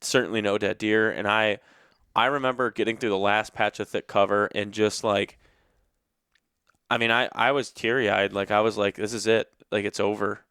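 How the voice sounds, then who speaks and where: A man's voice: fairly low pitch, flat delivery, normal speed, pushed and bright, smooth, dry recording, clean studio sound. A young man hosting a podcast, retelling a hunt in an earnest, emotional way with many restarts. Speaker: podcast host. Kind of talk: casual storytelling.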